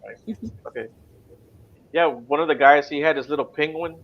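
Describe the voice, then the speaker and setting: A man's voice: a little high, normal speed. A man with a Texan accent hosting a casual interview, telling stories in a loose way with many fillers. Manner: loose, filler-heavy storytelling. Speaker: podcast host. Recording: dull lo-fi sound, faint hum.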